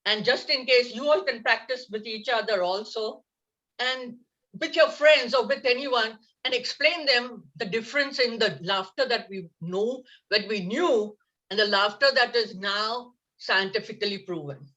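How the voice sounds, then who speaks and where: Bright, coaxing woman leading laughter yoga. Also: fairly high pitch, measured pace, highs cut off. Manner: upbeat and coaxing, laughs often.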